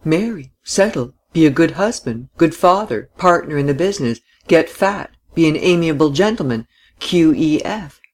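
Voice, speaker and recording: A man reading the quiet, offhand lines of a weary young Englishman in an audiobook. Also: fairly high pitch, expressive, moderate pace, pitched above the performer's own voice. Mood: wry. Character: tall, weary young Englishman, light and self-mocking. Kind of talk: audiobook dialogue.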